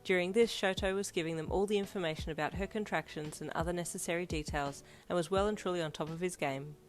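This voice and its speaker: A woman reading fanfiction aloud in a steady storybook narration. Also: lowish voice, fast talker. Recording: soft lofi piano behind.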